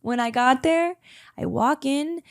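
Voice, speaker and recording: A young woman telling a personal story in a fast, chatty way, full of filler words and emotion. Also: high voice, dry recording, studio quality. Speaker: vlogger sharing a personal story. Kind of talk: casual storytelling to camera.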